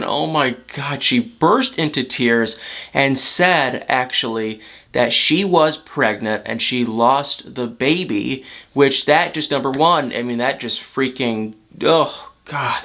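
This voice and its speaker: A man's voice: a little high, a bit bright. A man recapping a reality show in a casual vlog, chatty and emotional, full of fillers and repeated words. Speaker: reality TV commentator.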